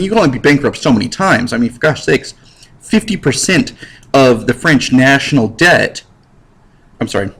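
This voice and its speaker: A man teaching history over slides in a jokey, animated way, talking straight to his students. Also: mid-range voice.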